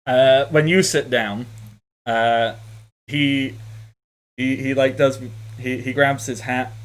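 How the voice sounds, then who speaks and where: A man's voice: medium pitch, fairly even intonation, takes it slowly. A man narrating a tabletop game as game master, easygoing and descriptive.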